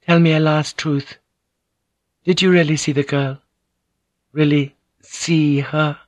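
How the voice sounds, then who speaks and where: A man doing a gracious young noblewoman with a raised, lighter voice. She speaks calmly and formally, gently teasing, in a dry studio audiobook read. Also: a little high, no room sound, voice pushed up. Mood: calm, gentle. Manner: calm, measured, formal phrasing. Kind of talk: audiobook character reading.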